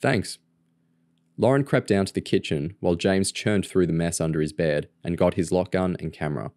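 A man reading a novel aloud in a steady, plain storytelling manner. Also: low voice, fairly quick, no room sound, clean studio sound. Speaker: audiobook reader. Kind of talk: reading a novel aloud, doing character voices.

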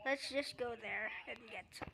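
A young woman chatting to viewers while playing a pet-collecting game, breaking into excited yells. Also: fairly high pitch, normal speed, gravelly, a little hiss or hum. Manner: chatty, bursts into excited screaming; addresses viewers as guys. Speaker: gaming video creator. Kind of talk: casual gameplay commentary.

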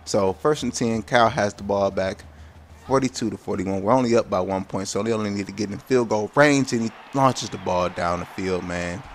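Man with a slightly low voice, casual let's-play commentator calling his game play by play, slangy and easily exasperated. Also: moderate pace, a little hiss or hum. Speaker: gameplay commentator.

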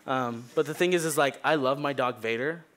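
A man's voice: medium pitch, fairly quick, a bit bright. A young man preaching a sermon in a church, casual and joking, with many fillers. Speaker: youth preacher, pastor's kid. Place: church sanctuary.

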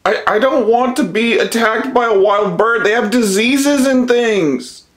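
A man's voice: extremely high pitch, unhurried. A startled man stammering and swearing in a casual home video, filmed on a phone inside his house. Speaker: vlogger.

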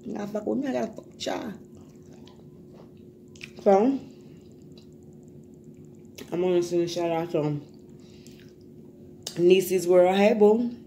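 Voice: mid-range voice, unhurried, creaky, pauses often, mellow, a little hiss or hum. A vlogger talking casually to viewers while eating, loose and slangy, often repeating words.

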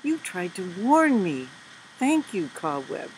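A woman reading the lines of a kind, grateful male bookstore owner in a storybook, speaking gently and slowly. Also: on the low side, sing-song, slight background noise, heavily acted, poor audio.

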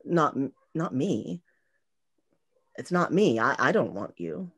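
A woman's voice: extremely low pitch, very animated, slow pace, a bit bright, breathy edge, heavily acted. Woman reading as an earnest young girl.

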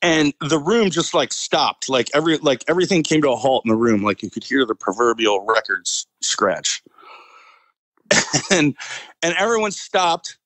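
A military veteran recounting a story as a podcast guest, with a middling pitch and a casual, rambling delivery full of "uh" and "you know". He chuckles as he talks, and his voice is dry and close to the mic. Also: lively intonation, moderate pace, a bit bright, no echo, poor audio. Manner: rambling, fillers, chuckles often.

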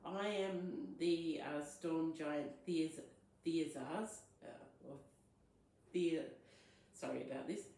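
A woman's voice: sits low, slow pace, warm tone. A woman voicing a vengeful male storm giant who takes the form of an eagle, in a demanding, bargaining manner. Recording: very echoey room.

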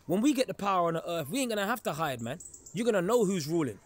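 Guy preaching casual and emphatic, fairly high voice, keeps checking in w the listeners. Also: expressive, fast. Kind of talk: informal preaching sermon.

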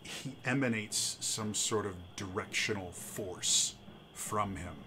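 A man narrating as game master of a tabletop game, with halting, stuttering restarts. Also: fairly low pitch, noisy background.

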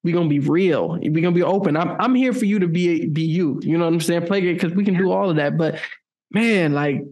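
A man's voice: a little high, a little fast, darkish tone. A young adult man hosting a podcast, talking in an earnest, heartfelt and emotional way during a casual interview chat. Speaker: podcast host.

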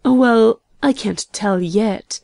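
An eager, lovestruck young gentleman painter, read by a woman in an audiobook. The tone is mellow and the delivery unhurried, and the sound is close and dry. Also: fairly high pitch, vocal fry, no echo, full character voice. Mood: ecstatic. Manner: excitable, tumbling out eager declarations. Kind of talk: audiobook character reading.

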